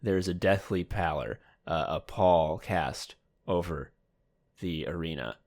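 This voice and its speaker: Guy with a lowish voice hamming up a fake sports announcer bit on a podcast. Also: unhurried, gravelly, a little mellow. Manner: mock sports announcer, rambling and joking. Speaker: podcast co-host. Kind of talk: comedic podcast banter.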